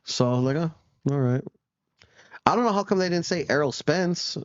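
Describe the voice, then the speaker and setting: A man's voice: a little high, lively intonation, normal speed, dry recording, highs cut off. A man co-hosting a casual show, talking in a laid-back, profane way and laughing often while he reacts to news clips. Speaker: podcast co-host.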